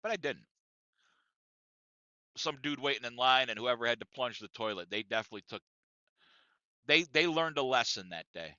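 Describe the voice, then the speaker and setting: A man hosting a podcast, telling a profane comic story in an animated, conversational way, in a dry, dull lo-fi recording. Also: medium pitch, moderate pace, long pauses, no echo. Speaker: podcast host.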